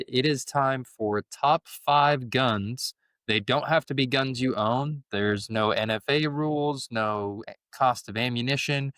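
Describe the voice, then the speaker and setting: A man hosting a casual podcast, relaxed and jokey as he asks a guest a question. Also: mid-range voice, clean tone, no room sound. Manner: relaxed, jokey, plain-spoken. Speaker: podcast host.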